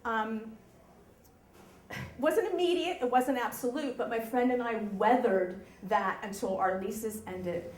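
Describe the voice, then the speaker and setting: Animated woman telling a story on stage. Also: on the high side, measured pace, reverberant. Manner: animated, keeps checking in with the audience. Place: story slam venue, live audience.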